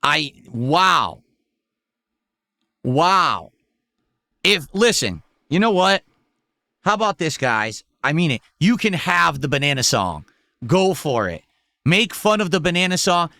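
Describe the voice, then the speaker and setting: Bright-voiced man reacting on stream. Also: fairly high pitch, lively intonation, takes it slowly, gravelly, long pauses, no echo, clean studio sound. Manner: exclaiming, incredulous. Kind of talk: reaction commentary.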